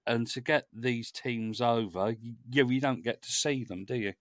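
A man co-hosting a football podcast, talking casually and haltingly with a wry tone. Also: medium pitch, no echo, clean studio sound. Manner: hesitant, lots of fillers and restarts, wry. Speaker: podcast co-host.

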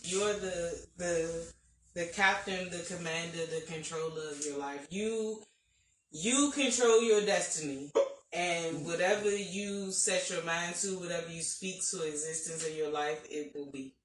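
A woman co-hosting a casual live-stream chat, relaxed and trailing with frequent ums. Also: lowish voice, measured pace. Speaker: podcast co-host. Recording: roomy, distant mic, faint noise.

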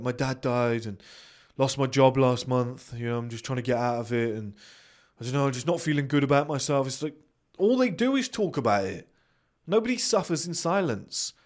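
A man with a British accent, hosting a podcast and giving a blunt motivational monologue, swearing freely and acting out the voices of the people he quotes. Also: mid-range voice. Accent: British English. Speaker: podcast host.

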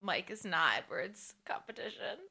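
A woman's voice: mid-range voice, normal speed, creaky, pushed and bright, husky. A woman co-hosting a podcast, chatting casually with frequent laughter and joking asides. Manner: laughs often, jokey asides. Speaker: podcast co-host. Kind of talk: casual chat.

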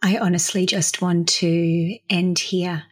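Husky-voiced woman podcast host. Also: fairly low pitch, flat delivery, slow pace. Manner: gentle and apologetic, thanks warmly. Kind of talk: podcast interview. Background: faint podcast music.

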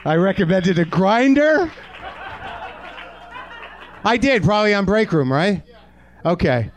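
A man's voice: sits high, animated, takes it slowly, slight background noise. A man in his forties hosting a comedy podcast live on a theatre stage, riffing with the audience in a profane, sardonic way. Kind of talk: live stand-up banter with audience.

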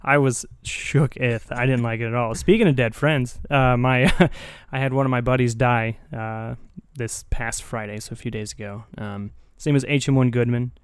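A man's voice: medium pitch, fairly even intonation, normal speed, clean tone, no echo, clean studio sound. A young man hosting a casual chat, telling a story in a laid-back way, laughing often and swearing casually. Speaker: podcast host.

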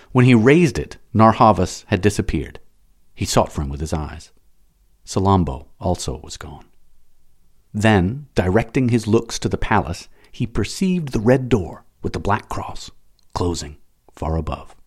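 Deep-voiced man reading an audiobook. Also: slightly rough. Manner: dramatic, expressive reading. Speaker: narrator. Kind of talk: scripted audiobook narration.

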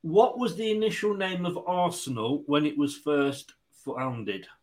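A man hosts a casual online football quiz with a slightly high voice. He talks in a loose, jokey way and laughs often between questions. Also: sing-song, unhurried. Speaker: quiz host.

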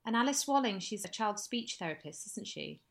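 A woman's voice: medium pitch, lively intonation, a little fast, gravelly. A woman co-hosting a podcast, asking questions and speaking reflectively with some hesitations. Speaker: podcast co-host. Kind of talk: casual chat.

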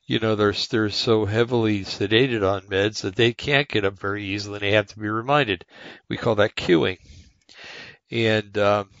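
A man in his sixties talks in a loose, rambling way, circling back with fillers and restarts. His voice sits low with a gravelly edge. The recording is dull and lo-fi, with no room sound. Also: fairly bright tone, no room sound. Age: 60s. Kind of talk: casual monologue.

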